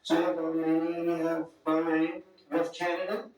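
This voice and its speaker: A man's voice: fairly high pitch, level tone, normal speed, a little mellow. Man, rambling off-the-cuff speech, superlatives, heavy hall echo, faint music behind. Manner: rambling, digressive, full of superlatives. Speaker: political leader addressing a summit. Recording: very echoey hall, distant mic, faint music.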